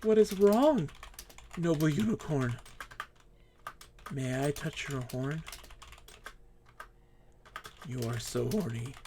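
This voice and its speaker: A man's voice: fairly high pitch, slow, pauses often, warm tone, a little hiss or hum. A drunk man streaming a game live, rambling and giggling as he talks, sometimes squealing and sometimes murmuring. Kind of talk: live gameplay commentary.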